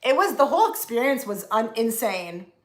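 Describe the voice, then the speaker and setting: A woman's voice: on the high side, sing-song, moderate pace, roomy sound. A woman chatting casually on a live stream, rambling with many fillers and restarts. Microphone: phone.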